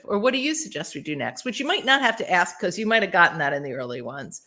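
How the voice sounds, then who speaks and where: A woman as a podcast guest giving casual, animated advice and acting out example phrases. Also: on the low side, fast, few pauses. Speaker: podcast guest, workplace author.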